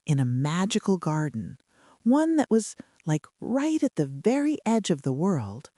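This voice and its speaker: A woman tells a calm bedtime story in a soft, chatty manner, dropping in casual fillers. Her voice is low-pitched and mellow, moving slowly with a lively melodic rise and fall. The sound is dry and close. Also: no echo.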